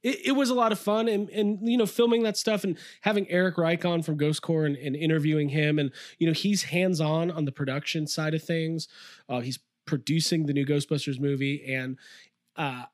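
A man's voice: fairly high pitch, fairly even intonation, normal speed, no room sound, clean studio sound. A man co-hosting a casual podcast from his toy room, enthusiastic and rambling with lots of fillers. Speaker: podcast co-host. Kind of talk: casual chat.

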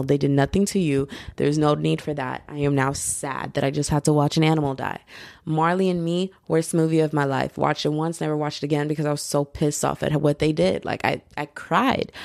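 Young female podcast host, rambling animated chat, gravelly fry, dead-dry room. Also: sits low, no room sound. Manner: animated, chatty, rambling with fillers. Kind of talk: casual solo podcast chat.

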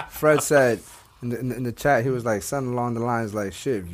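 A man co-hosting a podcast, telling rowdy stories in casual group banter and laughing often. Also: medium pitch. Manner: laughing, storytelling with quoted voices. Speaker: podcast co-host.

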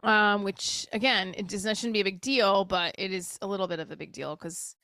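A woman's voice: medium pitch, fairly even intonation, fairly quick, pushed and bright, dry recording. Candid rambling woman, dry close sound. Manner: rambling, emotional, swears casually. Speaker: show creator talking to camera. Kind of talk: candid personal monologue.

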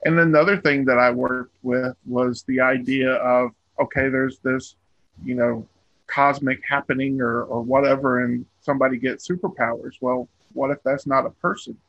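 A man's voice: medium pitch, steady tone, moderate pace, no room sound, dull audio. A man, a comic book artist being interviewed, talking casually and rambling with many ums and restarts.

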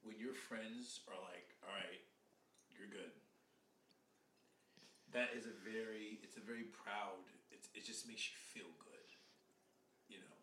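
A man's voice: lowish voice, fairly even intonation, unhurried, pauses often, sharp tone, reverberant, far from the mic, slight background noise. A man hosting a podcast, talking casually and emphatically, swearing often and backing his guest up. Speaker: podcast host. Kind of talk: casual chat.

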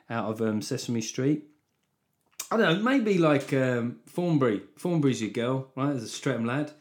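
A man's voice: medium pitch, darkish tone. A man from Britain hosting a solo podcast, rambling and swearing with a wry, casual tone. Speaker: podcast host.

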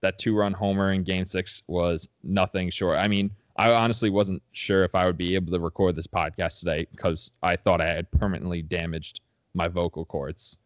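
A man co-hosting a sports podcast, talking in an animated, opinionated way as a fan. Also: low-pitched, moderate pace, clear, resonant tone, dry recording. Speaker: podcast co-host. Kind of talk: casual sports podcast chat.

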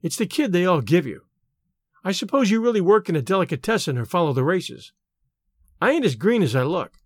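A man's voice: high-pitched, very animated, fairly quick, dry recording, studio quality. A man reading aloud, voicing a sassy, street-smart young shop girl who teases in slang. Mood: teasing.

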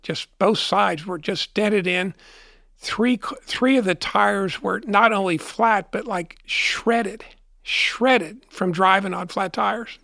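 High gravelly man telling a story. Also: takes it slowly, sharp tone, dry recording, studio quality. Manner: rambling, repeats words and restarts. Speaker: interview guest. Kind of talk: casual storytelling in an interview.

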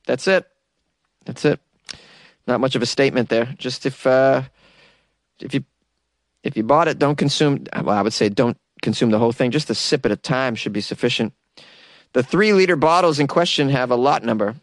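A man's voice: medium pitch, a little fast, no echo, clean studio sound. A man hosting a comedy news segment, riffing sarcastically on stories and laughing at his own jokes.

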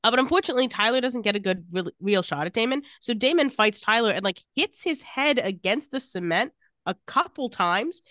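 A woman's voice: on the high side, animated, fairly quick, pushed and bright, no room sound, clean studio sound. A woman co-hosting a podcast, casually retelling scenes from a TV episode and quoting the characters' lines as she goes. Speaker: podcast co-host recapping a TV episode. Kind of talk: casual chat.

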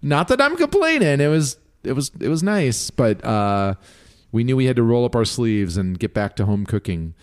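Lively, teasing male podcast co-host. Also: mid-range voice, normal speed, clear, resonant tone. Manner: easygoing, teasing, lively intonation. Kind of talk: casual chat.

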